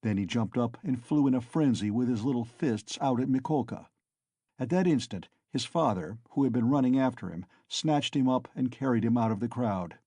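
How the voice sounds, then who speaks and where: A man narrating a classic novel as an audiobook, in a measured, dramatic way. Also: mid-range voice, dark tone, slightly rough, dry recording, studio quality.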